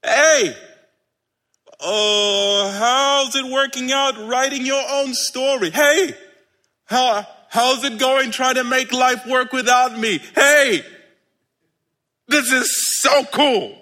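A preacher putting on a teasing Jesus. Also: male voice, high voice, very animated, a little slow, hardly any pauses, slightly rough, big-room sound, full character voice. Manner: playful, raised and bright, laughing between lines. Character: Jesus, a friendly man calling out teasingly.

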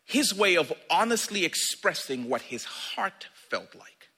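Lively, husky-voiced male preacher. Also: sits high, unhurried. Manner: animated, conversational preaching with acted-out asides. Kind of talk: sermon.

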